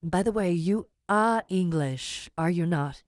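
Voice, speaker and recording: A woman voicing a large, scheming middle-aged man in an audiobook, unctuous and measured as he persuades. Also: fairly low pitch, no echo, studio quality, close to an everyday voice. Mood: smooth persuasive. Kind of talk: audiobook character reading.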